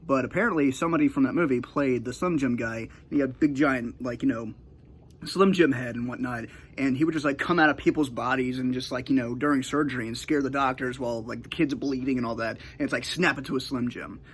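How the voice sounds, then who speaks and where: A man's voice: medium pitch, a little fast, slight background noise. A man casually telling a childhood story in a rambling way, with many fillers and restarts.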